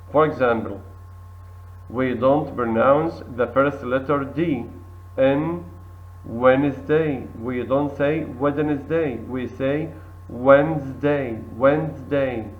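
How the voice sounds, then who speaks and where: Slow-talking male English teacher, tinny audio. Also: medium pitch. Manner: slow, repeats each word twice for practice. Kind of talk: recorded classroom lesson.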